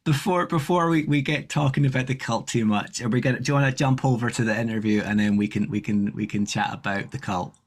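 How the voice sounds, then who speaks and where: A man's voice: mid-range voice, fast, hardly any pauses. A man co-hosting a running podcast, chatting casually and rambling with many restarts. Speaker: podcast co-host. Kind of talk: casual chat.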